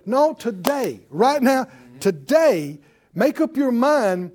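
Man, preacher, sermon, high voice, lively rising and falling delivery, exhorting, stumbling restarts. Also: slow pace. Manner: exhorting, rhetorical questions to the congregation; repeats words when starting phrases.

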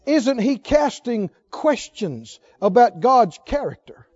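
A male pastor preaching with a very high, lively voice that rises and falls widely. He keeps asking his listeners questions. The recording is dull and lo-fi. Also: takes it slowly. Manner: emphatic, asks the congregation questions. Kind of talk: sermon.

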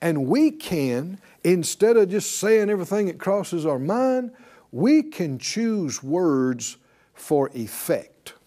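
Man, pastor, sermon, mellow, unhurried delivery. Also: high voice, very animated. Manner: preacherly, conversational, calls for class responses. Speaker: pastor teaching a class.

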